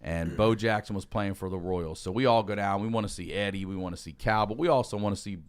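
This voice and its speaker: A man's voice: fairly low pitch, fast talker, clear, resonant tone. A man telling casual, profane stories as a podcast guest, acting out what people said. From Baltimore. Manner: profane, animated, acts out quotes. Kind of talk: casual storytelling.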